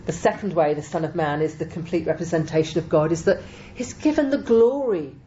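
A woman's voice: sits low, brisk, dark tone. A woman preaching a sermon, teaching measuredly and with emphasis, often quoting scripture. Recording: dull lo-fi recording with faint noise.

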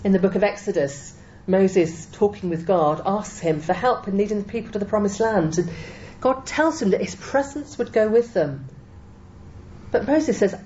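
A woman's voice: mid-range voice, moderate pace, warm tone. A woman preaching a sermon, teaching measuredly and with emphasis, often quoting scripture. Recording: dull lo-fi recording with faint noise.

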